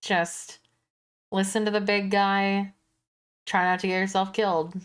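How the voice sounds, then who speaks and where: Woman streamer chatting real slow, dry jokes, mid voice. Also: medium pitch, little pitch movement, smooth. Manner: unhurried, wry and joking. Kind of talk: casual chat.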